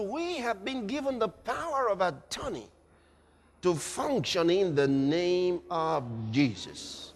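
A high, bright male voice delivers an impassioned sermon, dropping low and then rising to shouts. His voice has lively pitch movement, and the long echo of a large church hall hangs behind it. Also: slow pace. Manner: impassioned, swinging from hushed to shouting. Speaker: preacher. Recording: reverberant hall.

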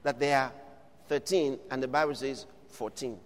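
A man preaching a sermon, building from steady teaching to shouted declarations. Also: medium pitch, normal speed, long reverb tail.

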